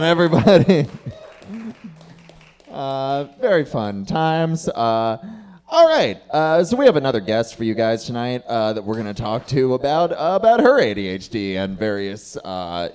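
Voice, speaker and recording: A man's voice: mid-range voice, sing-song, a little slow, a little mellow, clear, resonant tone. A man hosting a comedy show in a loose, casual way, full of fillers, who hypes up the crowd for his guests.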